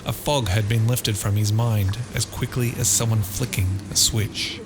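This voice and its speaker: A man narrating an audiobook of a dark thriller in a measured, dramatic storytelling manner. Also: lowish voice, fairly even intonation, heavy background noise. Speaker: author and narrator. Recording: loud guitar music underneath.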